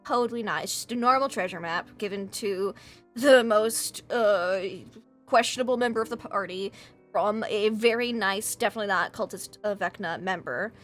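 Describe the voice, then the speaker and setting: A woman's voice: medium pitch, moderate pace, soft background music. A woman playing in a tabletop role-playing game, chatting casually at the end of a session. She gushes with enthusiasm and uses many fillers.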